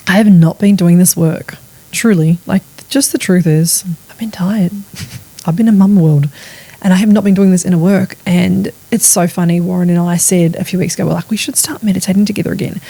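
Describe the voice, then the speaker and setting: A woman, hosting a casual solo podcast, chatty and animated, swearing freely as she riffs. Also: lowish voice, no echo. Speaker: podcast host.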